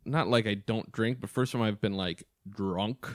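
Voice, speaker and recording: A man's voice: on the low side, normal speed, no echo, studio quality. Man candidly musing on a sports loss. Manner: candid and self-mocking, with sighs and trailing restarts. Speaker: podcast co-host. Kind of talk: casual sports podcast chat. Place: home apartment studio.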